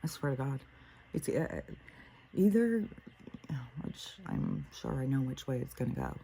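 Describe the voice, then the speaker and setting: Older woman's low, gravelly, husky rant. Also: normal speed, poor audio. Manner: profane, ranting storyteller; animated, quotes herself and others. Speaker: host. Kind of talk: casual spoken monologue.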